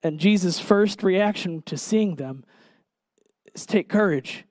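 A man preaching a sermon in an earnest, emphatic way, pausing and putting direct questions to his listeners. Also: high-pitched, darkish tone, no room sound.

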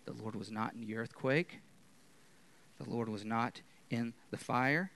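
A man preaching a sermon, moving from loud, emphatic lines to hushed whispers. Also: medium pitch, measured pace, gravelly.

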